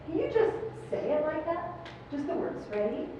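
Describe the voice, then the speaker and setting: With a warm, high-pitched voice that swings widely in pitch, a middle-aged woman offers a choir upbeat clinic feedback and questions the singers at a moderate pace. A distant room mic in a large performance hall leaves it echoey and muffled, with slight background noise.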